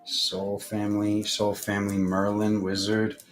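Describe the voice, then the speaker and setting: Low-voiced man giving tarot readings. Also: monotone, heavy background noise. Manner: unhurried, rambling spiritual talk with many fillers. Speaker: tarot reader hosting a live stream. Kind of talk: casual live-stream tarot reading.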